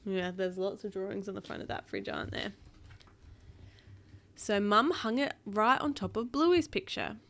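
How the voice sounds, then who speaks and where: A mum reads a children's picture book aloud at home, stopping for friendly asides to her child. Her voice sits at an ordinary middle pitch. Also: moderate pace. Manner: warm, chatty asides to a child. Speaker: parent reading to child.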